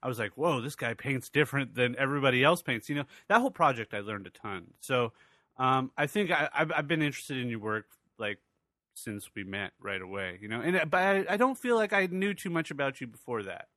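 A man's voice: medium pitch, lively intonation, fairly quick, bright, forceful tone, no echo. A man hosting his podcast in casual chat, rambling and loose, swearing freely. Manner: rambling, loose and profane, with many fillers. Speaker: podcast host.

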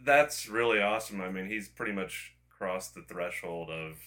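A man's voice: low-pitched, moderate pace, a bit bright. A man in casual chat who rambles, restarts his sentences a lot and swears now and then.

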